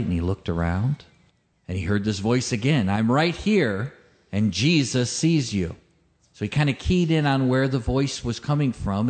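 A man's voice: medium pitch, a little mellow. A male pastor preaching a sermon, emphatic, stacking repeated phrases and rhetorical questions, and telling a joke as a story.

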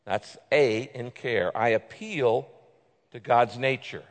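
A man preaching a sermon, reading scripture aloud and moving from loud pleading passages to quiet, intimate asides. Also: mid-range voice, takes it slowly. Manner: dramatic, swings from loud pleading to hushed intimacy. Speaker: pastor. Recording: long hall reverb.

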